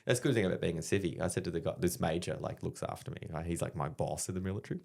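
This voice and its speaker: An Australian man with a somewhat low voice tells his stories with lots of swearing and bursts of laughter. He sounds like a comedian and ex-soldier chatting into a podcast mic. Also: rapid-fire, vocal fry. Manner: animated, profane, laughs through his anecdotes. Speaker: guest, stand-up comedian and army veteran. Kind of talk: casual podcast storytelling.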